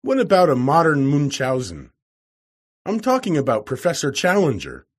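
A man voicing a brisk, wry middle-aged newspaper editor in a read-aloud story, with a husky voice. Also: on the high side, huge pitch swings, pitched above the performer's own voice, heavily acted.

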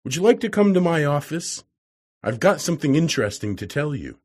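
Storybook: a cautious young scientist, voiced by the male narrator; husky, slightly raised pitch. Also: very animated, brisk, a little mellow. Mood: skeptical.

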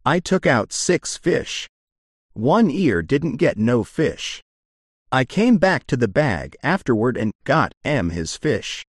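An uneasy, rough frontier dog-musher, as a man puts him on for a storybook reading, drawling his backwoods speech slow and heavy. The recording is dry and close. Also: mid-range voice, big pitch swings, no echo.

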